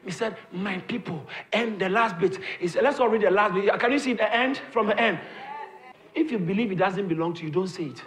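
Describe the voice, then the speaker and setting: High-voiced man preaching with rising shouts. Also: a little fast. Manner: emphatic, repeats lines and builds to shouts; calls on the congregation to respond. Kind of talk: sermon. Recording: echoey room with crowd audible. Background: congregation responding.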